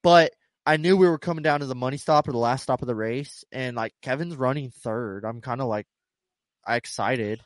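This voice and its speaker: A man co-hosting a podcast in casual chat, telling stories in a rambling, profane, animated way. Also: medium pitch, moderate pace, no room sound. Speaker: podcast co-host.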